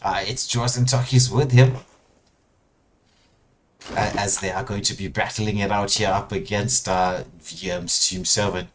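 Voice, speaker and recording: A man doing live play-by-play commentary on an online battle royale tournament, full of filler words and sudden bursts of excitement. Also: lowish voice, a little slow, a little hiss or hum. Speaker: esports caster.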